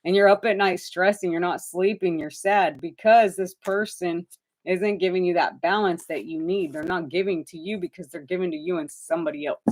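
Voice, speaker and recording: A woman's voice: on the low side, fairly even intonation, moderate pace, a little mellow. A woman giving live tarot readings to viewers, chatty and direct, addressing them by name and calling them honey. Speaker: tarot reader.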